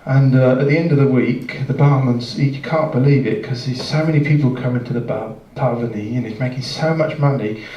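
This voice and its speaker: A man telling a long, rambling joke on a jazz club stage, halting and self-mocking as he goes. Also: medium pitch, warm tone. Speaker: musician telling a joke between sets. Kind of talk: rambling live shaggy-dog joke. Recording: distant, roomy, dull live club recording.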